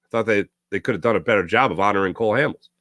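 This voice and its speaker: A man's voice: fairly low pitch, very fast, a bit bright, dry recording, studio quality. A man hosting a sports talk show, ranting sarcastically and casually while reading viewer comments. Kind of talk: casual live-stream chat reading comments.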